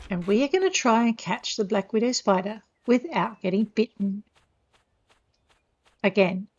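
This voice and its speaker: A woman's voice: mid-range voice, lo-fi sound. A woman chatting casually to her viewers as she plays a game, self-deprecating and talkative. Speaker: gameplay narrator. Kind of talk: casual let's-play commentary.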